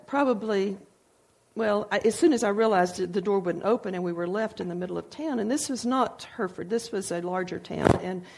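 A woman's voice: mid-range voice, creaky, a little mellow, breathy edge. An older woman giving an informal devotional talk, telling personal stories with folksy asides. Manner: folksy storytelling with frequent asides. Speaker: speaker sharing testimony.

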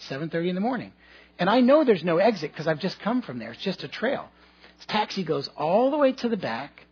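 A man's voice: high voice, breathy edge, lo-fi sound. A man preaching a sermon to his congregation, telling a personal story in a conversational, humorous way with asides to the listeners. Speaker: pastor.

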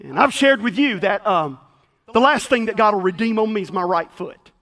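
A man's voice: high voice, normal speed. Folksy preacher, man. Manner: folksy, animated, acts out quotes. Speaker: pastor. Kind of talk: storytelling sermon.

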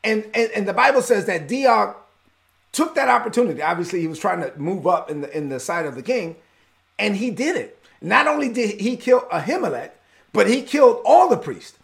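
A man preaching a sermon as pastor, retelling a scripture story with animated storytelling. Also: sits high, normal speed, creaky. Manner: animated storytelling, acts out the characters.

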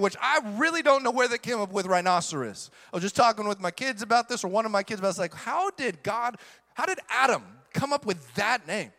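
A middle-aged male pastor preaching with emphatic force and repeating his key lines. His voice sits high and rings bright. Long reverb from a large hall trails every phrase. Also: expressive, fast talker. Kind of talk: sermon.

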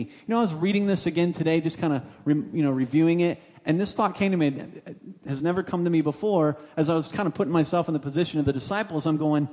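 A man's voice: a little high, quick pace, warm tone, big-room sound. A man preaching a sermon as pastor, casual and conversational, voicing what the disciples might have thought.

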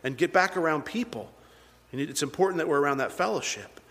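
A man's voice: a little high, animated, fast, fairly bright tone. A man preaching a sermon to a congregation, retelling scripture in a conversational, earnest storytelling way. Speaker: pastor. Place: church hall with congregation. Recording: long hall reverb.

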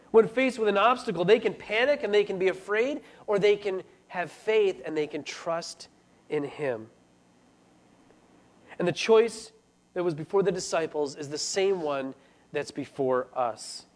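A man preaching a sermon, earnest and building to urgent pleas. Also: sits high. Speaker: pastor.

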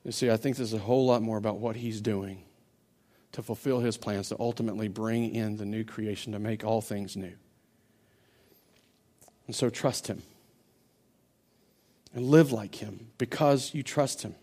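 A man preaching a sermon as pastor, building to loud, impassioned stretches and often repeating words as he restarts. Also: lowish voice, fairly even intonation, moderate pace, pauses often. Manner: impassioned preaching that builds to near-shouting climaxes.

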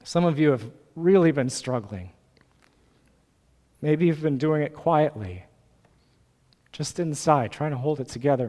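A man's voice: a little high, expressive, a little slow, long pauses. Earnest male pastor in a reverberant hall. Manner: earnest, gently pleading delivery. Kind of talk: sermon.

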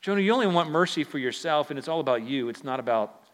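A man voicing a patient God who calmly reasons with a prophet, in a reverberant hall. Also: on the high side, fast talker, lightly acted. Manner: calm, patient questioning.

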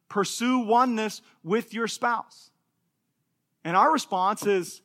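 A man in his thirties delivers a sermon in a high, bright voice. He preaches with animation and slips into the voices of the people he quotes, lifting and dropping his delivery to make each point. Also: takes it slowly. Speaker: pastor.

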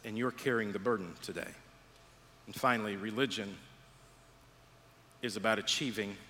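Animated preacher man in a big hall. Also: moderate pace, slight background noise. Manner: animated storytelling, acts out voices, drops low and quiet for emphasis. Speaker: pastor. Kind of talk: sermon.

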